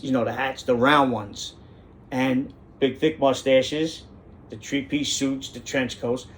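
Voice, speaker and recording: Brash New man. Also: medium pitch. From New York. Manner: brash, profane, animated street talk. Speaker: host. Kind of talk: casual storytelling monologue.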